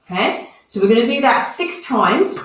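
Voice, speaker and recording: Her voice is on the high side with a fairly bright tone, big pitch swings and a moderate pace. She guides a movement and breathing class, instructively counting out each movement and breath. She's recorded from a distance, off the mic, in a very echoey room.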